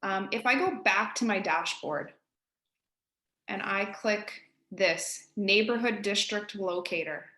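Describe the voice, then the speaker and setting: A woman with an East Coast Canadian accent, a real estate agent giving colleagues a casual, direct software tutorial. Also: mid-range voice, slow, roomy sound. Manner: chatty, direct, addresses listeners as guys.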